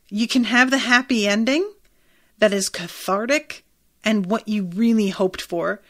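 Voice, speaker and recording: A woman's voice: mid-range voice, a bit bright. A woman hosting a TV recap podcast, talking candidly and swearing freely, now and then acting out lines from the show. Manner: candid, swears freely, quotes scenes in a light acted tone. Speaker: podcast host.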